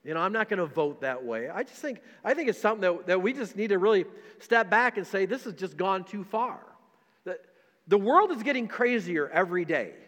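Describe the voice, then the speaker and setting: In a large hall, a middle-aged pastor preaches a passionate sermon, repeating himself and posing rhetorical questions. His high-pitched, slightly bright voice swings widely in pitch and moves a little fast.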